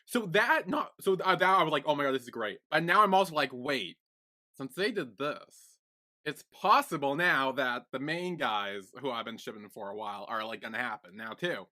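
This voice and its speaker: Excitable rambling man, bright voice. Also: medium pitch, moderate pace. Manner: rambling, excitable, many fillers. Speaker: podcast co-host. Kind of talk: casual chat recapping a show.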